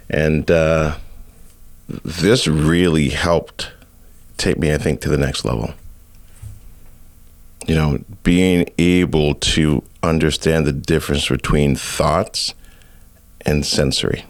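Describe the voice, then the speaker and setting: A man hosting a podcast, chatting casually in a relaxed, halting way with many fillers. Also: extremely low pitch, dry recording. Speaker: podcast host. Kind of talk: casual chat.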